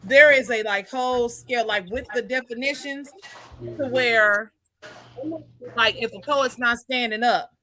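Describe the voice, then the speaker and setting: A woman's voice: a little high, measured pace, bright, forceful tone, slight background noise. A woman in a casual stream chat who explains the rules at length, using many fillers. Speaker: poet in a battle league.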